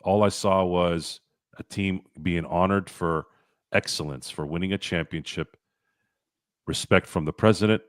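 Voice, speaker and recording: Deep-voiced man ranting bluntly. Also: steady tone, a little slow, dry recording, studio quality. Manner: blunt, ranting, swears freely. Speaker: podcast host. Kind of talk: opinionated sports talk.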